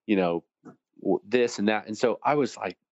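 A man with a low voice, speaking as an interview guest. He tells his stories with energy and acts out the people he quotes. The recording sounds dull and completely dry. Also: moderate pace, a little mellow, no room sound. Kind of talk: conversational storytelling.

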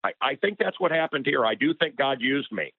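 Gravelly and medium-pitched, with big pitch swings and a slightly fast delivery, a male radio personality speaks as a guest in a heated interview, growing impassioned. The recording is dry, carried over a tinny phone line.

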